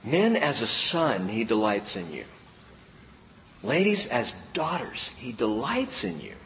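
A man preaching a sermon to a congregation, lively, stretching out key words for emphasis. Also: mid-range voice, takes it slowly, slight background noise. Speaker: pastor. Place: church sanctuary. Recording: long hall reverb, faint ambience.

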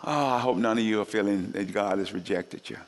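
Speaking fairly quickly, this preacher keeps his congregation laughing and often shifts into high voices to play the people he quotes. His animated sermon echoes with long hall reverb.

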